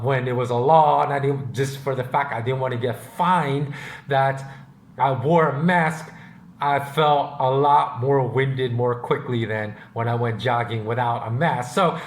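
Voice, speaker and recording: Opinionated man in an echoey room. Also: medium pitch. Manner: opinionated, rambling, emphatic. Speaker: podcast host. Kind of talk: casual monologue. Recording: roomy echo.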